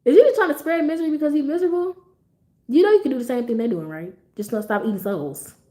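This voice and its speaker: A woman's voice: high-pitched, quick pace, warm tone. A young woman hosting a livestream, chatting casually to her viewers, blunt and profane and laughing often. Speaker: livestream host.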